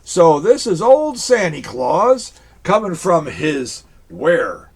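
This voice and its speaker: Give me a man as a folksy Santa Claus talking kids through a craft, with a lively husky voice. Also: a little high, slow pace. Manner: folksy, chatty, talks straight to children. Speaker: Santa Claus performer hosting a kids' craft show. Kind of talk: children's craft demonstration.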